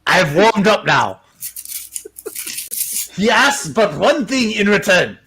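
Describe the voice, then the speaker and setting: A man voicing a polite but ominous male envoy who speaks slowly and formally. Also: high voice, big pitch swings, sharp tone, heavily acted. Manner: slow, measured, formal.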